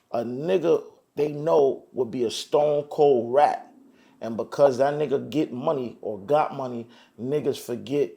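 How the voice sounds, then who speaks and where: A young man from New Jersey chatting as a podcast guest, streetwise and animated, often asking "you feel me" and acting out the lines he quotes. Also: mid-range voice, creaky. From Teaneck, New Jersey. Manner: animated storyteller, acts out quotes. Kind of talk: casual chat.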